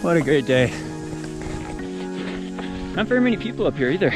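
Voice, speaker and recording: A fairly high-voiced man talks to the camera as he runs up a mountain trail, winded and enthusiastic. His voice sits under loud music, picked up outdoors by a small camera mic. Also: very animated, moderate pace. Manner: enthusiastic, breathless, talks while climbing. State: out of breath. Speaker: trail running vlogger and coach. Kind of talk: casual vlog narration while running.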